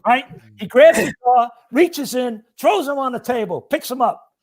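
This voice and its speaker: A man's voice: very high voice, measured pace. A middle-aged man, a retired fire lieutenant telling stories as a podcast guest and acting out the people in them. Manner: animated, acts out the voices of the people in his stories. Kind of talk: casual storytelling.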